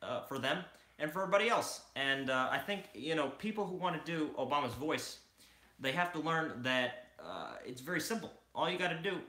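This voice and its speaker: A man doing an impression of a male US president, speaking slowly and deliberately with long pauses. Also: on the high side, animated, sharp tone. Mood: solemn. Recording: echoey room.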